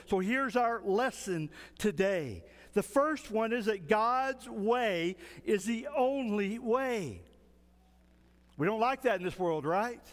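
A male pastor preaching a folksy, animated sermon. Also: high-pitched, in a large hall.

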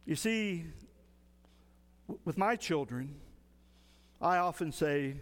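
A male pastor preaching a folksy, animated sermon. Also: fairly high pitch, slow, long reverb tail.

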